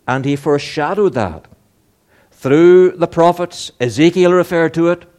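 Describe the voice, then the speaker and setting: A man preaches a sermon earnestly and emphatically. He asks rhetorical questions and builds toward louder, higher-pitched emphasis.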